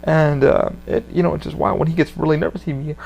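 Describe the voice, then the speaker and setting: Podcast host, male, raised pitch, very gravelly; loose, rambling, swearing delivery. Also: steady tone, fast talker, a little mellow, faint music behind. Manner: rambling, profane, full of fillers. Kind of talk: casual rambling monologue.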